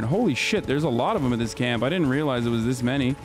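A man's voice: mid-range voice, expressive, fast talker, hardly any pauses. A man in his thirties, brashly trash-talking and swearing while streaming a game, yelping when he dies. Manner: yelps and shouts when dying. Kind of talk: live gameplay commentary. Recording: game music playing behind the voice.

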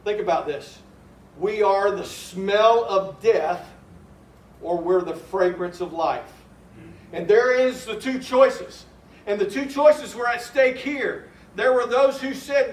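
A man preaching a sermon as pastor, earnestly reciting hymn verses slowly and urging his congregation on. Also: high voice. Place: church sanctuary. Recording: echoey church room from a distant mic.

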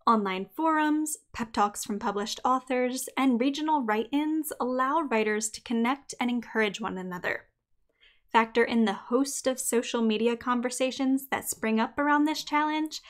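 A young adult woman hosting a podcast, reading a scripted episode in an upbeat, clearly enunciated way. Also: a little high. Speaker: podcast host.

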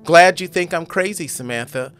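A man voicing an angry, bossy young woman who shouts harsh, demanding lines in a storybook reading. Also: mid-range voice, animated, normal speed, faint music behind. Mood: furious.

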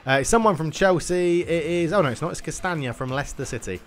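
A young man giving lively play-by-play of his own football video game match, often bursting into loud cheers. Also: fairly high pitch, fast, slight background noise. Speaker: gaming YouTuber.

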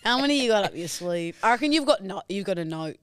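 A woman's voice: medium pitch, fast, clean tone, no echo, studio quality. Teasing young New woman. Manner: teasing, deadpan ribbing. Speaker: podcast co-host. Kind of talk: casual chat.

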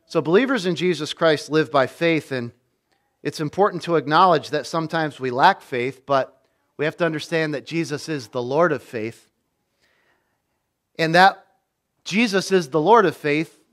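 A man's voice: on the high side, moderate pace, a bit bright. A man, a pastor, preaching a sermon with emphatic delivery, repeating key phrases and acting out quoted lines.

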